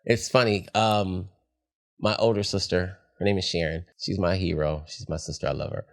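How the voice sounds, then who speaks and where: Middle-aged guy with a really low voice, opening up on a podcast, soft and heartfelt. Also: fairly even intonation, normal speed, vocal fry. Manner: reflective, heartfelt, soft-spoken at times. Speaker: guest. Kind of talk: candid podcast conversation.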